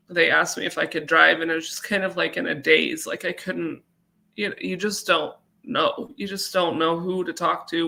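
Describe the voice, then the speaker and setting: A woman from Colorado telling a personal story as an interview guest, halting and earnest, with many fillers. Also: on the low side, gravelly, pushed and bright. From Colorado, USA.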